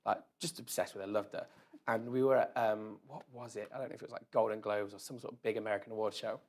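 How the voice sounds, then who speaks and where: A man's voice: lowish voice, fairly even intonation, quick pace, darkish tone. A man guest chatting casually in front of an audience, telling rambling self-deprecating stories full of "like". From England. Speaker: interview guest. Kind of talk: casual storytelling chat. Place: event room with live audience.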